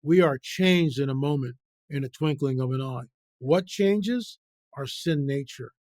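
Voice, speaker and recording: A man's voice: medium pitch, measured pace, darkish tone, dry recording, studio quality. A man speaking as a guest researcher in an interview, emphatic and repetitive, firing off rhetorical questions with passionate conviction. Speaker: guest author and biblical researcher. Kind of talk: impassioned interview talk.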